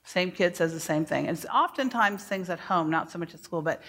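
A middle-aged woman giving a workshop to teachers, speaking deliberately and modeling phrases for the audience to repeat. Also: fairly low pitch, a bit bright. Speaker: early childhood educator giving a workshop.

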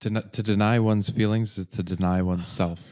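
A man with a low voice talks in a relaxed, philosophical way during casual podcast chat. He defends his ideas calmly and at length. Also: brisk. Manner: laid-back, philosophical. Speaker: podcast co-host.

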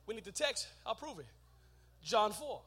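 A man preaching a sermon, shouting his points and joking with the congregation in a church. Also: high-pitched, very animated, moderate pace.

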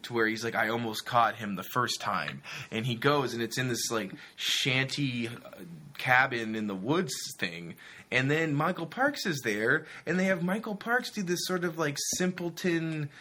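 A man co-hosts a casual film review podcast, rambling along and cutting across his partner. His voice is bright and forward, sitting at an everyday middle pitch. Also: expressive, normal speed. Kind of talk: casual movie review chat.

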